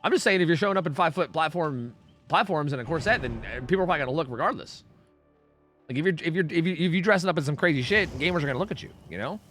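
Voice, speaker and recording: A male streamer talks in a bright, forceful voice that swings up and down a lot, rambling and swearing as he answers chat mid-game. Faint game music plays underneath. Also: on the high side, lively intonation, racing. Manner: rambling, profane, chatty, answering chat questions. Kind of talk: casual live-stream chat with viewers while gaming.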